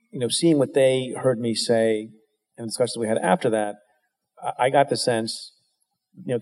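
A man's voice: mid-range voice, darkish tone. Wry middle-aged man telling stories in a reverberant hall. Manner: wry, self-deprecating, frequent restarts. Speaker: guest answering an interviewer's question. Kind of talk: candid storytelling, conversational.

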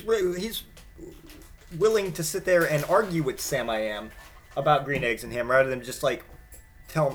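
A man's voice: fairly high pitch, a bit bright. Wry, rambling man doing casual commentary. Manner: rambling, wry, halting with many fillers. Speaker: comedic commentator.

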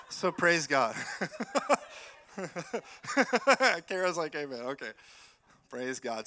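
A man preaching as a guest speaker in a church, animated and swinging between loud declarations and quiet prophetic words. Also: mid-range voice. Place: church sanctuary.

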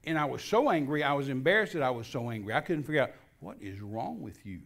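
An older Texas man, a guest minister, shares a personal testimony in a folksy style, acting out the dialogue as he tells it. His voice sits at a medium pitch and sounds creaky, and he talks fast. He keeps restarting his sentences and quotes people with animation.

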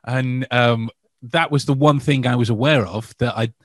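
A male guest answers questions in a hesitant, halting way, restarting his sentences and laughing often. His voice sits at a middle pitch and sounds dry and close, with no room echo. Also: steady tone, fairly bright tone. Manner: hesitant, many restarts and fillers, laughs a lot. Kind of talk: casual interview chat.

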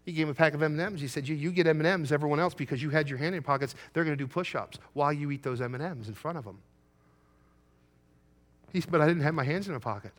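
A middle-aged male pastor preaching a sermon, swelling to loud emphatic peaks and telling a folksy story about his son. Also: fairly high pitch, fast talker.

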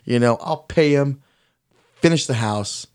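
A man's voice: medium pitch, unhurried, clear, resonant tone, dry recording, studio quality. A man telling a long story in casual chat, blunt and frank, swearing often and rambling, and openly critical of himself. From Mexican heritage.

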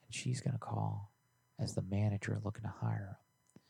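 A young man hosting a prank call show, joking loudly and rambling in casual chat. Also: lowish voice, very animated, normal speed, gravelly, breathy edge, dry recording.

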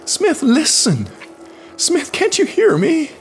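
Frantic spaceman, very high and strained, urgent hissing whisper-shouts, audio drama reading. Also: wildly swooping pitch, slow, gravelly, soft background music, heavily acted. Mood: desperate. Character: desperate young male spacefarer calling his friend.

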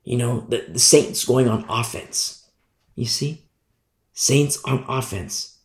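A man's voice: medium pitch, slow pace. A man teaching a Bible sermon with fervent, emphatic repetition. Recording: roomy echo.

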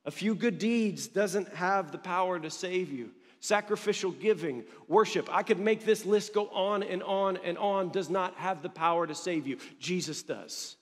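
Young male pastor, high voice, earnest preaching that sinks to a hush on key words, reverberant church hall. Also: normal speed, few pauses. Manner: earnest, building intensity, drops to near whisper for emphasis. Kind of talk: sermon. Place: church sanctuary stage.

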